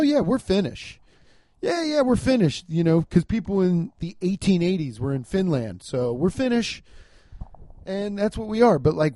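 A man's voice: high voice, no room sound. A man from Cincinnati rambling through a casual comedic monologue, swearing and laughing as he goes. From Cincinnati, US Midwest. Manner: rambling, profane, laughs often, animated.

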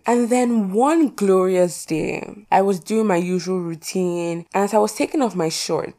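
Teen girl rambling on her podcast, lotsa "like", kinda low voice. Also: dark tone. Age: teens. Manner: chatty, rambling, self-mocking with frequent "like". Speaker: podcast host. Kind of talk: casual solo podcast chat.

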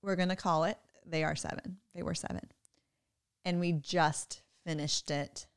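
A woman in her thirties, a mother chatting casually on a podcast, animated and often laughing. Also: lowish voice, a little slow, clean tone. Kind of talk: casual chat.

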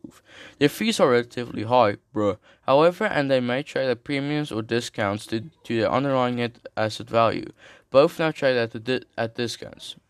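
A young man reads an article aloud in a casual, slangy way, tripping over hard terms and cracking jokes between lines. His voice sits at an ordinary middle pitch. The sound is dry and close. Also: clear, resonant tone, dry recording. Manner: slangy, jokey asides, stumbles over terms. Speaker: streamer reading an article. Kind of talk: casual reading with commentary.

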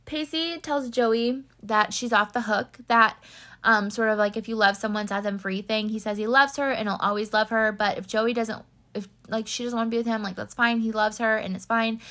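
A woman's voice: a little high, steady tone, moderate pace, pushed and bright. A young woman chatting casually through a TV recap, rambling with lots of fillers and getting teary. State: tearful. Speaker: podcast host recapping a TV series. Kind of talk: casual chat.

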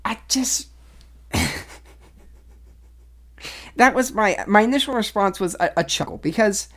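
A woman's voice: mid-range voice, expressive, a little slow, a bit bright. A young woman hosting a casual solo commentary show, giving blunt opinions and reading articles aloud with rambling asides. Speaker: podcast host.

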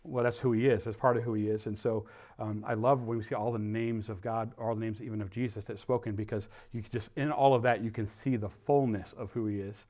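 A pastor giving a conversational sermon, often pausing on fillers and growing emphatic when he quotes scripture. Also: lowish voice, fairly even intonation, warm tone. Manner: conversational, rambling with fillers and restarts.

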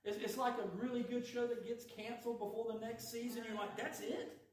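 A man with a fairly high voice preaches in a folksy, chatty way, acting out each character's lines as he tells the story. He is picked up from some distance in a very echoey church hall. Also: brisk. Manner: folksy and animated, acts out quoted lines. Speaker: preacher teaching a Bible study. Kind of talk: conversational sermon with storytelling.

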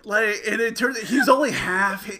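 A man's voice: sits high, a little slow, a loud crowd. A man in his forties telling a rambling family story in casual chat, full of restarts and self-mocking humor. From United States.

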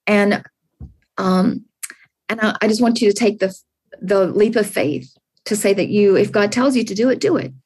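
A woman's voice: medium pitch, moderate pace, long pauses, darkish tone, husky. A woman in her sixties, an interview guest, speaking earnestly and encouragingly, often repeating her words. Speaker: podcast guest. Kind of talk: heartfelt interview answers.

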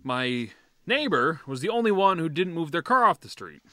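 A man's voice: a little high, sing-song, moderate pace, pushed and bright, no room sound. A man co-hosting a podcast, telling a story in a casual, profane, fired-up rant. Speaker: podcast co-host.

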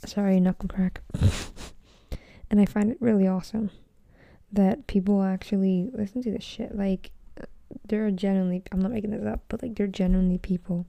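A young woman hosts a casual podcast from her room and rambles in a frazzled way, swearing freely and trailing off into murmurs. Her voice is dark and mellow, with some vocal fry, recorded close and dry. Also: medium pitch, level tone, fairly quick, no echo. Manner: rambling, frazzled, swears a lot, drifts into whispers. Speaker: podcast host. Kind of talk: casual solo podcast chat.

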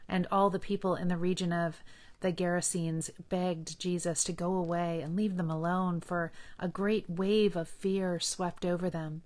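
A woman reading Bible passages aloud in a measured, earnest manner. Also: fairly low pitch, little pitch movement, a little mellow. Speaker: scripture reader.

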